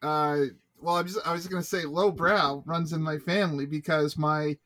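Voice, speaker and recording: A man's voice: on the high side, steady tone, normal speed, fairly bright tone. A man in his thirties from Canada, co-hosting a podcast, telling rambling self-deprecating stories in casual chat. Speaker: podcast co-host.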